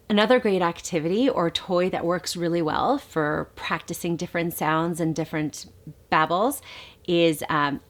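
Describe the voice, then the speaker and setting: Woman speech therapist, calm instructional delivery, sing-song when modeling sounds. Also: on the low side. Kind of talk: instructional talk to parents.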